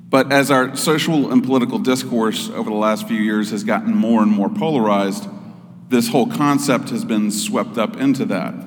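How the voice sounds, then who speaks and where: Measured male preacher, low voice. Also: big-room sound. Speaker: pastor. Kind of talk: sermon.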